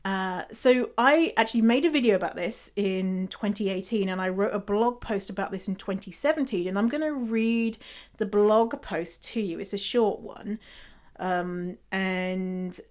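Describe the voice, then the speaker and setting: A woman's voice: mid-range voice, a little slow, darkish tone. A young British woman hosting a casual solo podcast, chatty and full of laughs and swearing. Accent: British English. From England. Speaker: podcast host.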